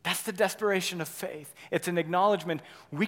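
A man preaching a sermon, swinging between loud urgent passages and quiet, intimate ones, often checking in with "right?". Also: high voice, brisk, in a large hall. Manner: dynamic preaching, rising loud then dropping soft, frequent "right?". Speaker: pastor.

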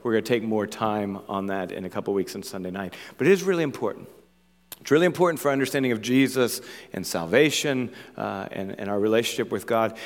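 A man preaching as pastor, earnest and emphatic, repeating key phrases and checking in with his listeners. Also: on the low side. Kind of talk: sermon. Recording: long hall reverb.

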